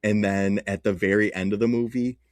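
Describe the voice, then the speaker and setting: A man's voice: lowish voice, steady tone, fairly quick, dry recording, studio quality. A young man, a podcast co-host, chatting casually and telling stories with easy laughs. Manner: storytelling, laughs easily. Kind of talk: casual chat.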